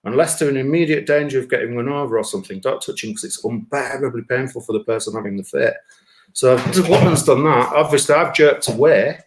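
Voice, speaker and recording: Speaking fast at medium pitch, a man who works as a musician and comedian tells stories on a live stream, bluntly and with plenty of profanity, performing the voices of the people in them during the casual chat.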